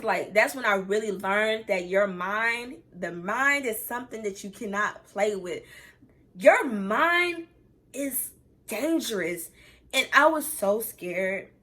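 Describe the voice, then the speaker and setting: Bright-voiced young woman telling a story. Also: medium pitch. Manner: candid, chatty, talks straight to viewers as "girl"; emotional, close to tears at times. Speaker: vlogger. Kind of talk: casual story time vlog.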